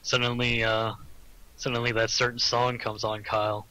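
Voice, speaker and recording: A man's voice: medium pitch, level tone, moderate pace, bright, forceful tone, a little hiss or hum, rough recording. A man playing in a casual tabletop game, making dry, wry remarks. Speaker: player.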